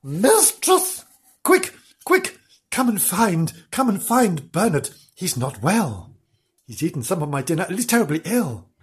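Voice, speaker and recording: Guy playing a thick dopey dog, high and slow and lively. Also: slightly rough, exaggerated voice. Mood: frantic. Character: dim-witted boastful male dog.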